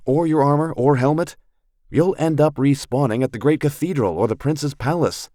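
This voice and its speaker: A man voicing a practical young woman archer who talks in a brisk, matter-of-fact way. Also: a little high, warm tone, dry recording, clean studio sound, pitched above the performer's own voice, close to an everyday voice.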